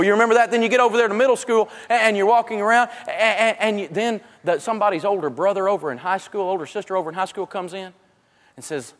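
A man with a notably high voice teaches through humorous stories, acting out everyday people as he goes. He often stumbles and restarts his sentences mid-thought. His voice rings out with the long reverb of a large hall. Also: fast talker. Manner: storytelling, acts out everyday people, frequent stammered restarts. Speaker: seminar speaker. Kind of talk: humorous teaching talk to a live audience.

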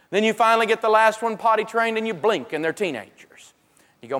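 Guy with a high voice doing a funny seminar talk, tells stories, trips over his words and restarts a lot, long hall echo. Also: fast, fairly bright tone, slight background noise. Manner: storytelling, acts out everyday people, frequent stammered restarts. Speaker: seminar speaker. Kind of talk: humorous teaching talk to a live audience.

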